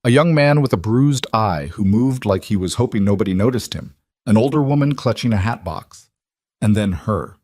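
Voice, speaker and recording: A man narrating a scripted western romance story in an even, steady storytelling manner. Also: lowish voice, normal speed, dry recording, studio quality.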